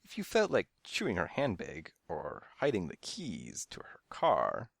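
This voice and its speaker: A man's voice: low-pitched, huge pitch swings, measured pace, gravelly, husky, no room sound, heavily acted. A man reading the part of a sly, teasing young woman in a storybook, with a dry, sardonic delivery.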